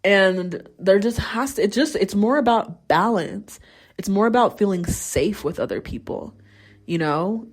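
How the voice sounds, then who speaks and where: A woman's voice: medium pitch, animated, measured pace. A young adult woman hosting a casual mental health check-in, telling stories candidly and swearing freely. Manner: candid storytelling, acts out quoted voices. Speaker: podcast host; teacher.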